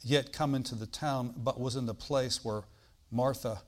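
A man preaches a sermon in a mid-range voice at a moderate pace, reading old-style scripture aloud and explaining it. He's animated, bursting loud on quoted lines, then dropping into quiet asides punctuated with "all right?".

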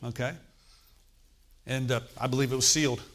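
Steady in tone and moderate in pace, a preacher with a mid-range, slightly bright voice gives a conversational sermon centered on his personal testimony. Along the way he frequently asks the congregation "Okay?"

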